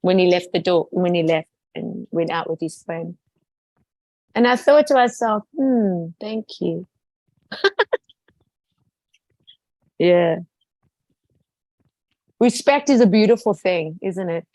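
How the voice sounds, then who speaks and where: A South African woman telling stories with a lively, chatty manner and acting out the people she quotes. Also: lowish voice, takes it slowly, pauses often, no echo, poor audio. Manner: lively storyteller, quotes people in different voices. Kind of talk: casual chat.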